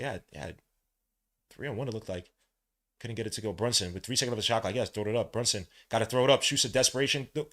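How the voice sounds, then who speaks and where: Excitable man calling a game casually. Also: on the low side. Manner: swings from quiet play-by-play to loud excited outbursts; casual slang, talks to the listener like a friend. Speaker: podcast host calling a game. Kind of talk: live watch-along play-by-play.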